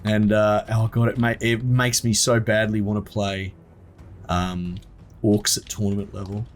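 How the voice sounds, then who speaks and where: A young Australian man giving casual, excitable gameplay commentary, swearing and talking back to the units on screen. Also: lowish voice, unhurried, slight background noise. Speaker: gameplay streamer.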